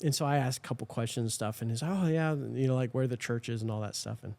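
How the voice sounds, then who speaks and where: A man's voice: mid-range voice, quick pace, vocal fry, a little mellow, dry recording. A man hosting a podcast in casual chat, telling a rambling, self-deprecating story. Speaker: podcast host.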